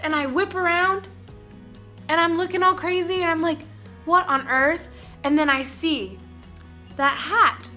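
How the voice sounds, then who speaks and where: A young woman from Oklahoma telling an excited, rambling story about meeting someone, laughing often. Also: on the high side. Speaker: vlogger. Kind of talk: casual storytime vlog.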